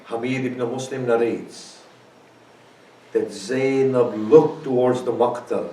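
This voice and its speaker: A man's voice: mid-range voice, slow pace, long pauses, dark tone. Male preacher for a mourning sermon, lamenting delivery, heard from a distance in a reverberant hall. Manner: lamenting, swelling to impassioned cries in quoted laments. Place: large hall at a religious center.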